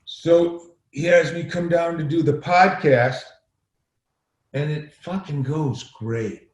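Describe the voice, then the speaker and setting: A man's voice: fairly high pitch, slow pace. A middle-aged man, a podcast guest, telling a long profane story in a rambling, casual way. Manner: rambling, profane, acts out quoted exchanges. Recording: roomy echo.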